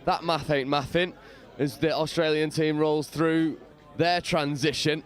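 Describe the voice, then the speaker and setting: A man giving lively play-by-play commentary from a balcony at an outdoor sports ground, with casual slang. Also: a little high, unhurried, some chatter behind. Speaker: match commentator.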